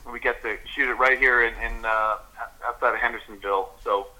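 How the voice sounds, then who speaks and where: A man's voice: medium pitch, steady tone, fairly quick, sharp tone, poor audio. A man, a guest singer, chatting casually and telling stories in an interview. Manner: chatty storytelling.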